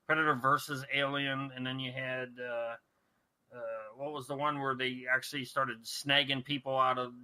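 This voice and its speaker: A man's voice: mid-range voice, flat delivery, normal speed, sharp tone, clean tone, poor audio. A man hosting a talk radio show, rambling and profane, with lots of restarts and fillers. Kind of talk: casual crude talk radio banter.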